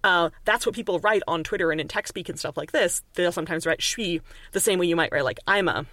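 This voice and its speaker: A woman's voice: fairly low pitch, quick pace, a bit bright, dry recording. A woman from Canada talks through language as a guest on a podcast interview. She is chatty and explanatory, with plenty of fillers and restarts. The sound is dry and close to the mic. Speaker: author and linguist guest.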